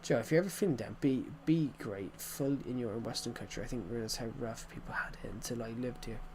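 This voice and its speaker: Live-streaming a game, a young man from England talks casually in a brisk, medium-pitched voice that is slightly mellow, with a faint hiss or hum in the audio. His English accent carries through as he rambles along, saying things more than once and starting sentences over.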